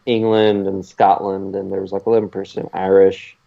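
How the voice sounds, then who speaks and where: Low gravelly man chatting casually. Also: little pitch movement, normal speed, phone-quality sound. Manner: laid-back and rambling, full of fillers and chuckles. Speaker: podcast co-host. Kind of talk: casual chat.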